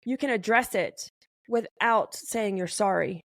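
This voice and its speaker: A woman hosting a conversational podcast interview, talking in an animated, emphatic way. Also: mid-range voice, unhurried, no echo, studio quality.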